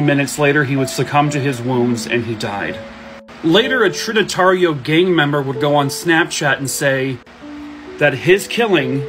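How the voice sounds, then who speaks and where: A man hosting a true crime video, telling cases in a blunt, casual way and swearing freely, with background music. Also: a little high.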